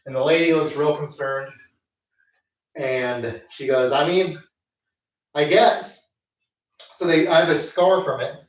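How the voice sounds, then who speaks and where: A man's voice: on the high side, slow pace, long pauses. A man telling a rambling, self-mocking story with many fillers, chatting casually between sets at the gym. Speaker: host. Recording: echoey room, mic at a distance.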